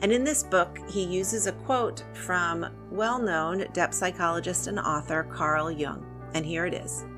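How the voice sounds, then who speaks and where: Podcast host: a woman with a lowish voice, gentle and reflective, with music playing clearly behind her. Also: a little slow. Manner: gentle, reflective, asks probing questions. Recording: voice over clear background music.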